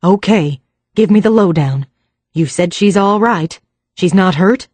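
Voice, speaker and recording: A woman's voice: medium pitch, measured pace, darkish tone, no echo, natural voice. A woman reading the part of a worried middle-aged American businessman, weary and blunt, in an American accent.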